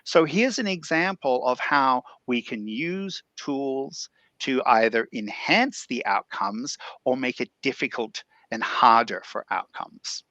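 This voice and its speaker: A man's voice: medium pitch, takes it slowly, hardly any pauses, bright, forceful tone, no echo, muffled recording. A man with an Australian accent speaking earnestly on a discussion panel, posing rhetorical questions.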